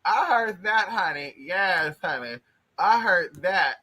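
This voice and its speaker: A man's voice: sits high, animated, slow, bright, forceful tone, husky. A man hosting a casual livestream, greeting viewers one by one in a flamboyant, blunt and profane way, calling everyone honey. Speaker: livestream host.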